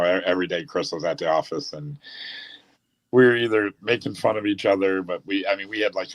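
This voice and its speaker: A deep-voiced man recalls his years running a racetrack. He talks in a loose, rambling way, doubling back on his words as he shares stories in a relaxed chat. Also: poor audio. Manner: rambling, with restarts. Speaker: former speedway owner. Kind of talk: storytelling in a casual chat.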